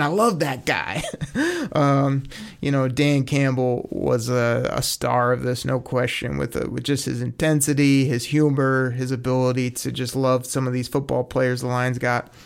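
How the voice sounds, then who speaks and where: A man's voice: medium pitch, smooth. A man hosting a casual sports talk show, enthusiastic and rambling, with frequent restarts. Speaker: sports podcast host.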